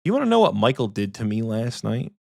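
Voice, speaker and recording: A young man co-hosting a casual gaming podcast, telling lively stories, swearing freely and mimicking his friend. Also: mid-range voice, a little fast, creaky, dry recording, studio quality. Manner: animated storytelling, swearing, mimics friends in quotes. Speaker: podcast co-host.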